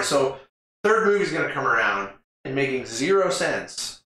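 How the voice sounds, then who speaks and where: A rambling, laugh-prone man co-hosting a podcast, recounting a film in loose casual chat with a bright, forceful tone. His voice rings around a very echoey room, and he swears freely as he goes. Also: medium pitch, very animated, normal speed. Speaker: podcast co-host. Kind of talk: casual movie recap chat.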